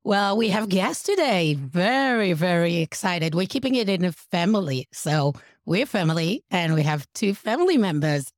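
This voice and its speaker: A woman's voice: fairly low pitch, sing-song, moderate pace, few pauses, no room sound, studio quality. A woman co-hosting a podcast, upbeat and welcoming as she leads the talk. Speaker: podcast co-host.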